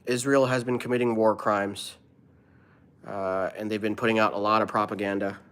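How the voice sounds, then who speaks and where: A man's voice: fairly low pitch, flat delivery, normal speed, a bit bright, clear, resonant tone. A man who is a comedian, live streaming and answering his viewers' chat in an earnest, opinionated way.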